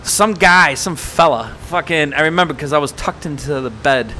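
Bright-voiced swearing New man. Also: a little high, moderate pace. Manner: animated, heavy swearing. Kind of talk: casual storytelling chat. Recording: faint background noise.

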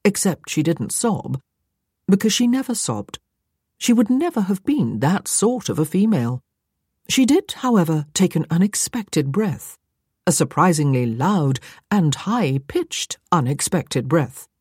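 A woman reads a novel aloud in a wry, expressive way, her pitch moving a lot while staying on the lower side. Her voice has a slightly breathy, husky texture. The recording is close and dry. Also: a little slow, no echo. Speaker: audiobook narrator. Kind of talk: audiobook narration.

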